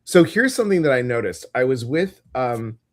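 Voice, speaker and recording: A man co-hosting a casual live-stream show, talking in a chatty, animated storytelling way. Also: medium pitch, normal speed. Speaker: co-host of a live intuitive show.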